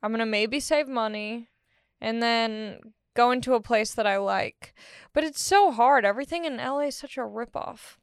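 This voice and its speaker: A woman's voice: fairly high pitch, normal speed, smooth, no echo, studio quality. A young woman hosting her own podcast, talking in a rambling, jokey, self-deprecating monologue. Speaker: podcast host. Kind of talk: casual monologue.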